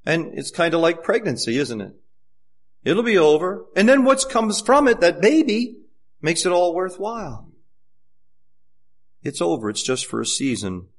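A man preaching a sermon as pastor, swinging from fervent, rising appeals to hushed, intimate passages, and repeating words when he gets fired up. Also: a little high, big pitch swings, a little slow, long pauses.

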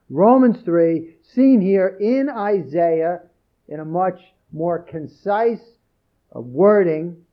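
A man's voice: a little high, dull audio. A man preaching a sermon, reading scripture aloud and repeating key phrases with earnest emphasis.

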